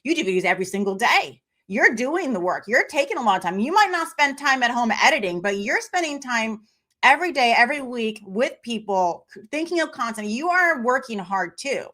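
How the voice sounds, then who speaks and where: A woman guest in casual conversation, talking in an animated way and acting out quoted voices. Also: fairly high pitch, fairly quick. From Memphis, United States. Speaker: podcast guest.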